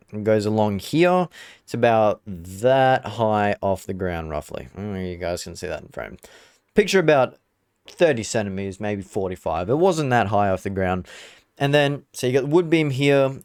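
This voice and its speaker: A man's voice: mid-range voice, clear, resonant tone, dry recording, studio quality. A man hosting his channel, telling a story to the camera in a casual way and acting out the scenes with quoted lines. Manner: animated, acts out scenes and quotes himself. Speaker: channel host.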